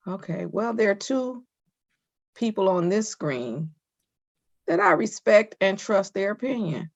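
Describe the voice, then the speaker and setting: Stern woman judge with a gravelly voice. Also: medium pitch, very animated, no echo, highs cut off. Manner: firm, scolding, measured. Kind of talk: stern lecture from the bench. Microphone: video call.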